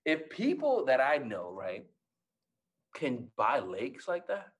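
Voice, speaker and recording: A man's voice: mid-range voice, wildly swooping pitch, takes it slowly, slightly rough. A young man giving a motivational talk as a guest speaker, telling stories, acting out dialogue and repeating key lines for emphasis.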